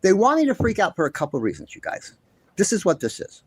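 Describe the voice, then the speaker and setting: Indignant man ranting, swinging pitch. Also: wildly swooping pitch, fast talker, husky, no room sound. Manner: passionate, indignant, profane ranting; repeats himself insistently. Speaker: commentary channel host. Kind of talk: ranting commentary vlog.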